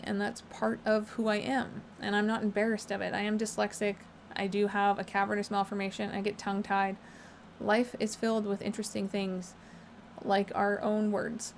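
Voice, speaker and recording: A woman hosting a casual update vlog from home, talking fast and chatty, often rephrasing herself. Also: mid-range voice, slight background noise. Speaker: channel host.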